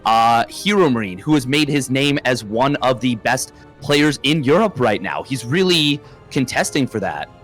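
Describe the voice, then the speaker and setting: A man's voice: mid-range voice, expressive, moderate pace, few pauses, a bit bright, soft background music. A man giving color commentary on an esports match in an easygoing, analytical way. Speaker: esports co-caster.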